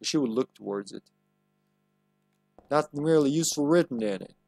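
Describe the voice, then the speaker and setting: A man's voice: mid-range voice, expressive, moderate pace, creaky, a little mellow. A man giving live gameplay commentary as a streamer, joking crudely and talking back to the game.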